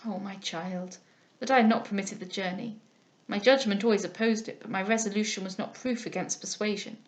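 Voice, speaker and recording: A woman reading aloud, voicing an elderly male guardian who speaks softly, mildly and solemnly. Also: mid-range voice, steady tone, fairly quick, natural voice. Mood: grave. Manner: soft, mild, solemn speech.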